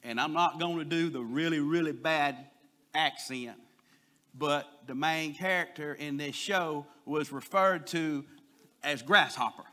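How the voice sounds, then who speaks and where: Folksy preacher man, bright forceful voice. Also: on the high side, unhurried. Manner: folksy storytelling, swells louder on key points. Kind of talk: sermon.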